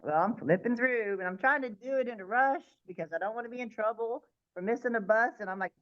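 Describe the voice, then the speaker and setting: A woman's voice: fairly high pitch, dull audio. A woman, an interview guest, vividly recounting a childhood spiritual experience. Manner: vivid, animated, quick, sometimes restarting. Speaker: guest sharing her near-death experience. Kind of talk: personal storytelling in an interview.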